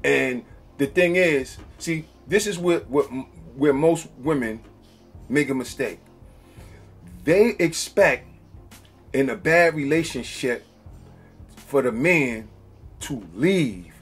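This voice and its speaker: A man's voice: mid-range voice, slow, pauses often, husky, faint music behind. A man giving a casual storytelling monologue about relationships, acting out quoted lines and checking in with "okay?". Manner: conversational, acts out quoted lines, frequent "okay?" check-ins. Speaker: relationship talk host.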